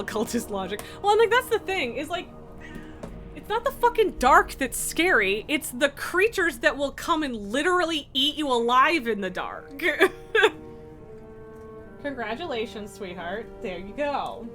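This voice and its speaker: A woman's voice: high-pitched, big pitch swings, measured pace, pushed and bright, soft background music. A woman streaming a game live, chatting casually, laughing often and swearing freely. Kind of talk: casual live gameplay commentary.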